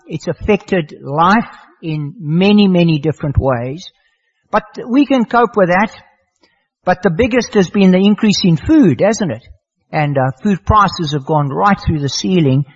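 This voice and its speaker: This is an older man preaching, his voice husky and a little breathy, sitting fairly high for a man. He tells his story earnestly and leans on repeated words for emphasis. The recording is muffled and lo-fi. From South Africa. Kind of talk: sermon.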